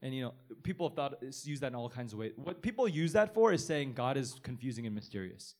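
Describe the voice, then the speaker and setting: A man's voice: medium pitch, big pitch swings, fast talker, a little mellow. Earnest man preaching informally. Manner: earnest, conversational, rambling with restarts. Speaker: pastor. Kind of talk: informal sermon.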